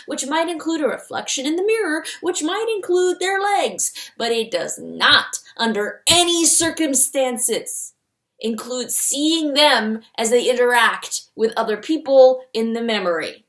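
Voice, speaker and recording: A woman reads her old fan fiction aloud and picks it apart with sarcastic, self-mocking commentary. Her voice sits a little high for a woman, and her delivery is wry and dry. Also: sing-song, a little slow, fairly bright tone. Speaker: fanfiction author reviewing her own story. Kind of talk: comedic commentary and reading aloud.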